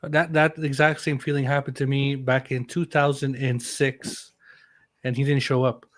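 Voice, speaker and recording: A man hosting a podcast interview, jokey and excitable, laughing often. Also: mid-range voice, moderate pace, no echo. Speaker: podcast host. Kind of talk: casual interview chat.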